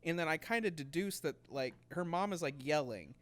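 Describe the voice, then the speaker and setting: A man's voice: a little high, lively intonation, fairly quick, a bit bright. A young man telling a story in casual podcast chat, rambling with many fillers and acting out quotes. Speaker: podcast co-host.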